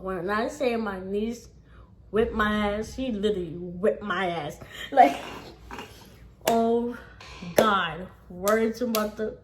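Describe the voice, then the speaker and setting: A woman's voice: mid-range voice, a little hiss or hum. A young woman telling a casual storytime on her vlog, swearing freely and repeating phrases for emphasis. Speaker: vlogger.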